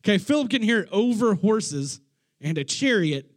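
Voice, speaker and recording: A male preacher tells Bible stories in a loose, conversational sermon. He is enthusiastic and slangy, often restarting his sentences. His voice sits fairly high for a man. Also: very animated, moderate pace. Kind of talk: casual storytelling sermon.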